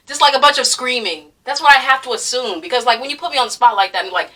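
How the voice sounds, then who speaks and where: A woman's voice: on the high side, fast, hardly any pauses, pushed and bright, far from the mic. A young woman ranting in a heated commentary, swearing freely, laughing now and then, and piling on fillers. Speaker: commentary vlogger.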